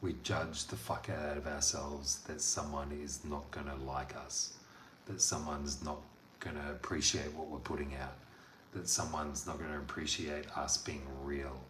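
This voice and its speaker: A man delivering a blunt, profane motivational monologue as a coach, veering from loud outbursts to quiet talk. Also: rumbling low, flat delivery, a little slow. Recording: echoey room with faint noise.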